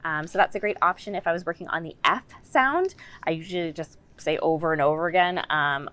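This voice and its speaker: Low-voiced woman explaining speech tips. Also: animated, a little fast, a bit bright. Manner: conversational, explanatory. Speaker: communicative disorders assistant.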